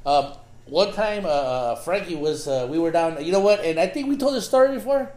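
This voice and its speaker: A man's voice: on the high side, expressive, normal speed, a little mellow. An easygoing man hosting a podcast in casual chat, often repeating words as he starts sentences, in a roomy room. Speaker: podcast host.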